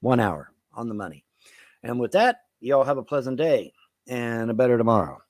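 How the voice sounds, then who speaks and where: A man with a drawl rambles to his viewers in a casual monologue, swearing freely and laughing as he goes. His pitch swings widely up and down. The sound is dry and close. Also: very animated, normal speed, no echo. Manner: profane, rambling, laughs often. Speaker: online video host.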